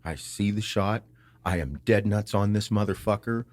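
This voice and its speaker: A man hosting a podcast, telling a story in a casual, animated way, swearing often and acting out what others said. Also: fairly low pitch, moderate pace. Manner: animated, swears a lot, acts out quotes. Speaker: podcast host.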